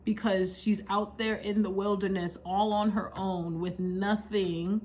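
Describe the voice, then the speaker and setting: A woman's voice: medium pitch, flat delivery, measured pace, a little mellow, a little hiss or hum. A young woman casually retelling a Bible story in a slangy, chatty way, laughing often. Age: young adult. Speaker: Bible study vlogger. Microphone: camera mic.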